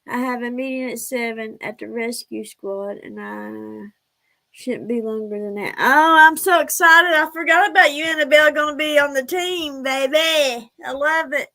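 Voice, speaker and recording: A woman's voice: high voice, normal speed, vocal fry, bright, forceful tone. A woman chatting casually on a live stream, rambling and answering her viewers' comments.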